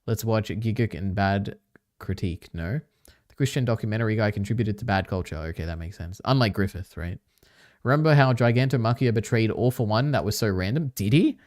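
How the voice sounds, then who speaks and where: A man with a lowish, slightly mellow voice talks a little fast on a live stream, reacting to clips and rambling casually. He leans on plenty of filler words and tosses chatty asides to his chat. The audio is clean studio quality with no echo.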